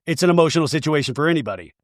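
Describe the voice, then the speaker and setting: A man's voice: on the high side, expressive, very fast, no echo, clean studio sound. Sarcastic, swearing podcast host man. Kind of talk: comedic recap commentary.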